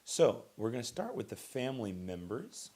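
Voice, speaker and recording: A young adult man teaching a recorded vocabulary lesson, saying each word twice and stressing syllables clearly in a relaxed, unhurried way. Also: mid-range voice. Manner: relaxed, with fillers and restarts. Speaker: Russian language teacher.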